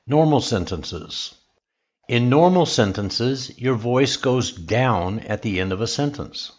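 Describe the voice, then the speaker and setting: Slow, measured man teaching English. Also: mid-range voice, animated, highs cut off. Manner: slow, measured, with exaggerated example intonation. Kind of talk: scripted instructional narration.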